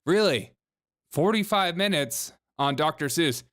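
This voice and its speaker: A man's voice: a little high, lively intonation, a bit bright. Jokey Southern-accented male podcast host. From South Carolina. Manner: fast, jokey, irreverent, sarcastic asides. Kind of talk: comedic news commentary.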